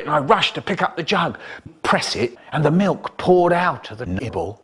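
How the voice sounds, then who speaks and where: A man telling comic stories in a theatrical, drawn-out way, cut up and spliced into a remix. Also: on the high side, very animated, fairly bright tone, breathy edge. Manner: theatrical, drawn-out, exaggerated pauses and voices. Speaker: storyteller.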